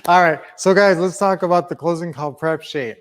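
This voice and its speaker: A man's voice: fairly high pitch, normal speed. A man coaching his viewers in a casual live stream, with an upbeat, rambling manner and frequent self-corrections. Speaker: sales coach and teacher.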